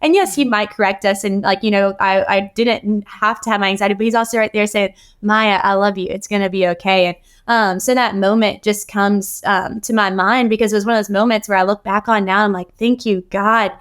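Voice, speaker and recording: A woman's voice: medium pitch, fairly even intonation, brisk, few pauses. A woman guest on a podcast, talking earnestly and rambling with many fillers in casual interview conversation.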